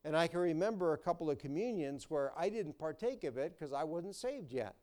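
A man's voice: fairly high pitch, expressive, brisk, a little mellow. A man preaching a sermon as pastor, folksy and storytelling. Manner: folksy, storytelling, repeats words.

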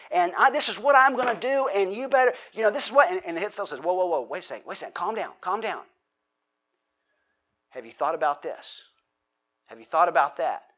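Man, sermon teacher, slightly high voice, chatty delivery that questions the crowd. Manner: conversational, asks the audience questions, acts out quotes. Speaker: pastor.

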